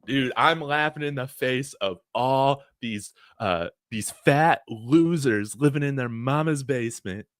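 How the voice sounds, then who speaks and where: A man hosting a college football fan livestream, talking in an excited, brash, trash-talking way. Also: mid-range voice, measured pace, few pauses, dry recording.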